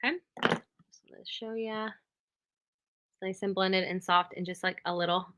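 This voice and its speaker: A woman's voice: medium pitch, fairly even intonation, measured pace, pushed and bright. A woman giving a step-by-step makeup tutorial, talking the viewer through each move and checking in with a frequent "okay?".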